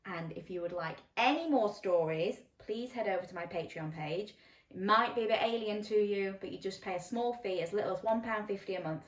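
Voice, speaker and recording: A woman reading a bedtime story to children, animated and coaxing, asking them questions. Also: lowish voice. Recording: roomy echo, mic at a distance.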